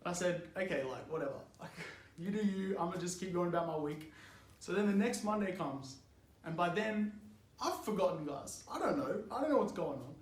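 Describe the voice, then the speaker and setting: A man's voice: sits high, brisk, echoey room. A young man from Australia giving a casual youth sermon, telling a story with lots of "like" and frequent laughs. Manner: animated, chatty, laughs often, lots of "like". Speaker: youth speaker.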